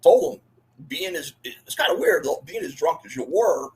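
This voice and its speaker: A man's voice: fairly high pitch, lively intonation, normal speed, breathy edge, poor audio. A man co-hosting a podcast, easygoing and agreeable in casual chat.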